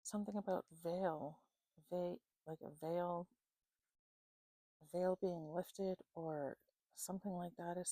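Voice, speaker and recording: Mellow-voiced woman giving a psychic reading. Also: medium pitch, no echo, rough recording. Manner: unhurried, many fillers and "okay?" check-ins. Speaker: psychic reader. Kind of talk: intuitive reading monologue.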